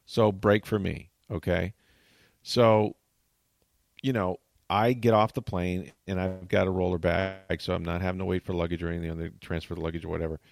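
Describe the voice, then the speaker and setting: A man hosting a talk show, telling a long story in animated, chatty fashion and acting out what people said. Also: low voice, a little fast, gravelly, no room sound, clean studio sound. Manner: tells long stories, acts out quotes.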